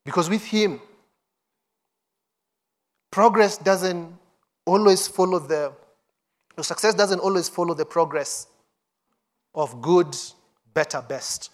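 Guy preaching a sermon, high voice, lively, acts out the quotes. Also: slow pace, pauses often.

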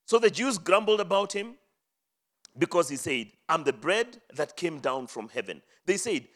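A man preaching a sermon, reading scripture aloud and explaining it, rising to loud emphatic phrases and dropping to low, quiet endings. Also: big pitch swings, moderate pace. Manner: dramatic swings from loud high emphasis to low hushed endings.

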